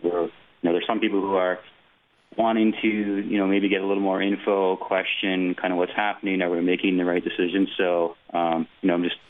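A man's voice: sits low, little pitch movement, brisk. A man calling in to a radio show over the phone, rambling and hesitant with lots of fillers. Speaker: caller. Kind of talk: call-in talk radio. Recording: tinny phone line.

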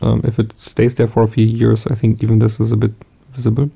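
A man who speaks natively, co-hosting a podcast in casual chat, relaxed and chuckling, with lots of fillers and restarts. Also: lowish voice, fast, vocal fry, breathy edge. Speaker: podcast co-host.

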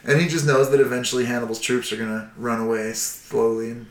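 A man tells history in a loose, swearing, animated way, jumping into quick acted-out lines. His voice sits at an ordinary middle pitch. The recording carries a noticeable roomy echo. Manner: profane, animated, acts out shouts and quotes. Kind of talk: casual history storytelling.

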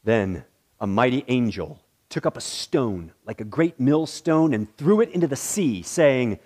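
A man, a pastor, reads scripture aloud to his congregation in a church sanctuary. His voice sits at an ordinary middle pitch and moves at a measured, deliberate pace, rising for the exclamations. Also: animated, a little mellow. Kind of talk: scripture reading in a worship service.

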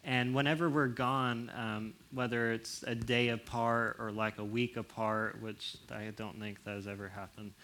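A young man talking casually to an audience about relationships. He acts out quoted voices with big jumps in pitch and drops soft and low for serious points. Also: level tone, normal speed, hardly any pauses. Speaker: speaker on relationships.

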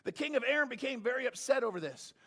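A man preaching a sermon in a conversational way, acting out characters from the story and building to loud, intense passages. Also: extremely high pitch, lively intonation, fast. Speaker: pastor.

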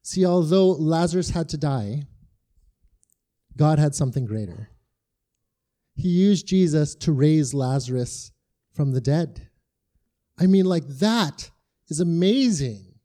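High-voiced preacher, conversational. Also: male voice, animated, takes it slowly, pauses often, mellow. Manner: conversational, rhetorical questions, fillers like "like". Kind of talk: casual sermon.

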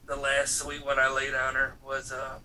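A man's voice: medium pitch, monotone, normal speed, sharp tone, slight background noise. A man in his thirties telling loose, profane stories in a casual chat, acting out quotes and padding with fillers. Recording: voice picked up from some distance, faint room ambience.

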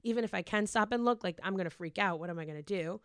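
A woman's voice: mid-range voice, fast, clean tone, dry recording, studio quality. A young woman in her twenties telling a long, rambling story in casual chat, swearing freely and acting out quotes.

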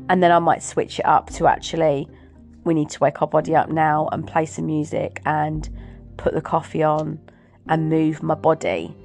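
Woman, middle-aged, encouraging motivational talk, lower voice, faint music underneath. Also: vocal fry. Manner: warm, earnest, encouraging. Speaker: host. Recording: soft music behind.

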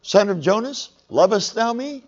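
A preacher voicing a gentle solemn Jesus. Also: male voice, sits high, expressive, lo-fi sound, voice pushed up. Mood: questioning gently. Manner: slow solemn King James phrasing. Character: Jesus, calm gentle teacher, grown man.

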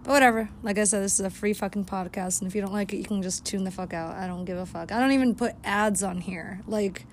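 A woman hosting a casual podcast while walking her dog outdoors at night, rambling and swearing heavily, sometimes yelling at the dog. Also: medium pitch, fairly even intonation, fast, hardly any pauses, a little hiss or hum. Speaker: podcast host.

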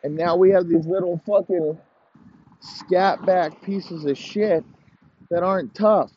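A man's voice: sits high, steady tone, takes it slowly, mellow, dull audio, a little hiss or hum. A man hosting a podcast, ranting profanely and rambling in heated complaint. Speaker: podcast host. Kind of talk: profane casual rant.

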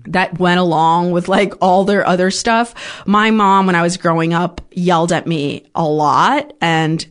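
A woman's voice: lowish voice, fairly even intonation, unhurried. A woman from Ukraine, a podcast guest, telling personal stories candidly and swearing freely. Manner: frank, swears freely, acts out her past outbursts. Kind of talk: candid conversational storytelling.

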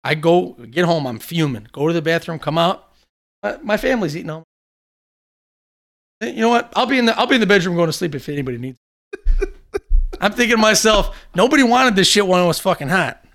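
A man with a slightly high voice tells long stories in casual chat, swearing often and getting worked up as he goes. He talks in an animated, loose way. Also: fairly quick, long pauses. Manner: animated storyteller, swears freely.

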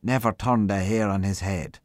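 A man reading aloud, voicing a talkative young country policeman who marvels out loud at what he has seen. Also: on the low side, steady tone, normal speed, no room sound, natural voice. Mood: marvelling. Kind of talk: reading a short story aloud.

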